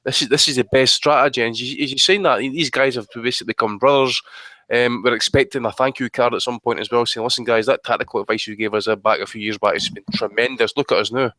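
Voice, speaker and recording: A man talks fast on a live boxing podcast, with a bright, forceful voice. He swears freely and sounds excitable. The recording is dry and close. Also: medium pitch, no echo. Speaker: podcast co-host. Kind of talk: casual live podcast banter.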